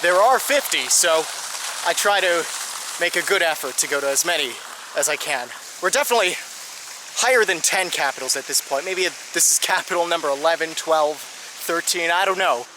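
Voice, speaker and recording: A man's voice: fairly high pitch, expressive, fairly quick, noisy background. A man narrating a travel vlog, explaining sights and food with eager, guide-like enthusiasm. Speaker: travel vlogger.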